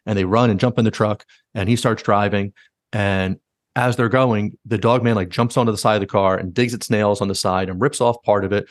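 Fast-talking low-voiced podcast host. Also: male voice, dry recording, studio quality. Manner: animated retelling, heavy use of "like". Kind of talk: casual storytelling chat.

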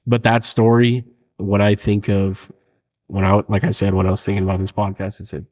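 A young man, a podcast guest, telling a childhood story in lively casual talk and laughing often. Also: on the low side, fairly quick. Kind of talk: casual chat.

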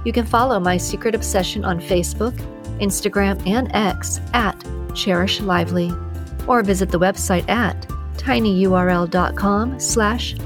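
A woman hosting a podcast, reading an erotic thriller novel aloud in a steady, measured way. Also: mid-range voice, music in the background. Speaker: podcast host and reader.

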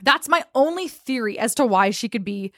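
Young woman, brisk casual storyteller. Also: on the high side, no echo, clean studio sound. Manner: animated, swearing, acts out quotes. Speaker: podcast co-host.

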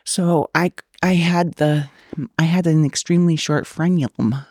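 A woman's voice: sits low, fairly even intonation, unhurried, a little mellow, husky, no room sound, clean studio sound. A woman co-hosting a podcast in casual, rambling banter, with a slight lisp at times. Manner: rambling, jokey, laughs often. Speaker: podcast co-host.

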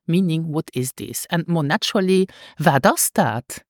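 A woman teaching a language lesson, patiently repeating words slowly for pronunciation. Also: low voice, expressive, dry recording, clean studio sound.

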